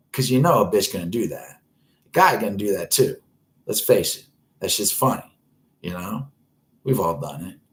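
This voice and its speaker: A man in his forties hosting a live late-night stream, ranting in a rambling, constantly swearing way. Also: low-pitched. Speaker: host.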